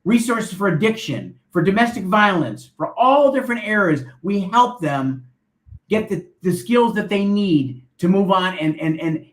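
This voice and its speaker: High-voiced man in an echoey room. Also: lively intonation, a little slow. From Buffalo, New York. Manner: earnest, promotional. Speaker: guest, nonprofit founder. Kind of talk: interview talk.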